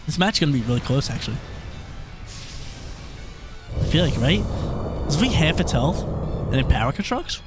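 A man hosting a gaming channel, chatting excitedly and thinking out loud as he commentates a video game battle, with a scratchy throat. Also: a little high, normal speed, pauses often, music in the background. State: coughing, throat irritated.

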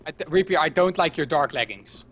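A man's voice: fairly high pitch, lively intonation, a little fast, a bit bright. A man hosting a co-op gaming session, chatting casually and teasing his partner. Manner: teasing, playful banter. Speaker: gaming channel host.

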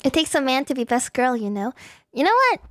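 A young adult woman streaming a game, talking in a casual, playful and animated way and swearing freely. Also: high voice, a little fast.

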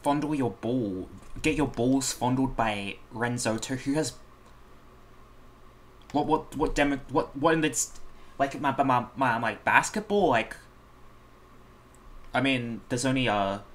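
A man's voice: mid-range voice, a little slow, pauses often. A man hosting a casual reaction video. He rambles, circling back on his words with plenty of fillers, in a mid-range voice. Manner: rambling, many fillers and restarts.

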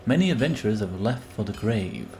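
A man's voice: lowish voice, expressive, a little fast, mellow, slight background noise. A man giving casual, rambling commentary while playing a game and reading its text aloud. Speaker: streamer.

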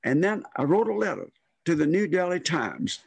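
Very animated and a little high, the older man's creaky, husky voice moves at a moderate pace as he rambles through a long personal story. As a guest storyteller he acts out the voices of people in the tale, casually, with no room sound in the recording.

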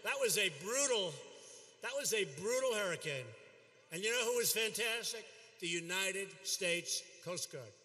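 An older man giving a rally speech, repeating himself and boasting as he shouts out to a crowd. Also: high voice, lively intonation, a little slow. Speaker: politician at a rally. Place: large arena. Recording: long hall reverb from an arena.

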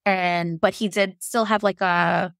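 A woman's voice: on the low side, steady tone, unhurried, gravelly, fairly bright tone, no echo, clean studio sound. A woman in her thirties telling her own birth story in a frank, emotional way, with lots of fillers and some swearing. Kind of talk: candid personal storytelling.

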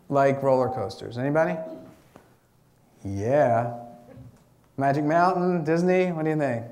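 A man, a doctor giving a mindfulness lecture to a live student audience, chatty and animated, acting out inner thoughts with lots of fillers. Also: on the high side.

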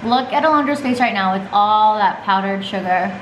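A young woman and mother chatting to camera in a casual family vlog, excitable and full of fillers like "so anyways". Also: medium pitch, normal speed, a little hiss or hum.

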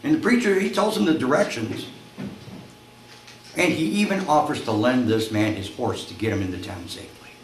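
A man's voice: mid-range voice, moderate pace. Man preaching in an echoey church. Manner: storytelling, acts out voices, rises to shouts. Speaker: pastor. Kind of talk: sermon with a told story. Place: church sanctuary. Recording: echoey church room, faint noise.

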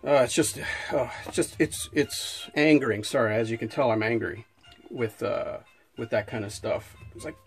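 A man's voice: mid-range voice, normal speed, slightly rough, soft background music. A man giving a casual unboxing review, rambling with many restarts and fillers and getting worked up as he rants. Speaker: knife reviewer.

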